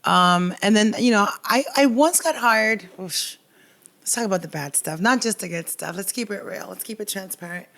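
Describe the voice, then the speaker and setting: A woman with a South Florida accent tells a story quickly and with energy, like a comedian on a podcast. She slips Spanish words into her English. Her voice sits at a middle pitch. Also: creaky. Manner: fast, animated storytelling, mixing in Spanish. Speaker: comedian guest. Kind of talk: casual podcast chat.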